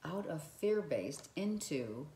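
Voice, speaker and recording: Slow, earnest woman in an echoey room. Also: low-pitched, very animated, mellow, a little hiss or hum. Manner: earnest, repeats phrases, addresses viewer directly. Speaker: relationship advice vlogger. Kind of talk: motivational talk to camera.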